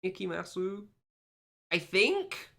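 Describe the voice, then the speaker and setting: A man's voice: high voice, big pitch swings, takes it slowly, gravelly, bright, forceful tone. A young man streaming a game, chatting casually with his viewers, joking and laughing often at himself. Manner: laughs a lot, joking, self-mocking. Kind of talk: casual live-stream chat.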